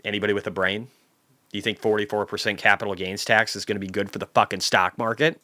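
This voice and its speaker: Male stream host, bright forceful tone, lower-pitched, swears a lot, reads chat comments. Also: brisk. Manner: profane, ranting, heated outbursts; reads viewer comments aloud. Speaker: market recap livestream host. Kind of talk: casual livestream commentary.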